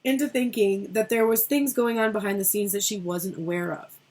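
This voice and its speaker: A middle-aged woman talks through a tarot reading in a loose, rambling way, swearing casually. Her voice is husky and a little breathy, sitting at an ordinary middle pitch. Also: fairly even intonation, moderate pace, darkish tone. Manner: chatty, swears freely, rambling asides. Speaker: tarot reader.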